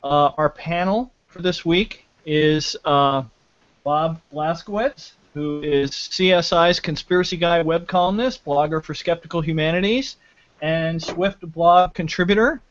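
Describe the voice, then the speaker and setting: A man hosting a live online panel show from home, talking casually and haltingly with many fillers and restarts. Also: on the high side, dry recording. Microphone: video call. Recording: dull lo-fi glitchy internet audio.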